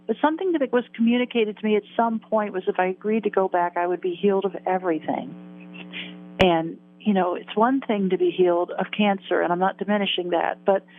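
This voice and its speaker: A woman in her sixties, an interview guest, tells a personal story in an earnest, vivid way, repeating phrases for emphasis. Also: mid-range voice. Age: 60s. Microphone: telephone. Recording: tinny phone line.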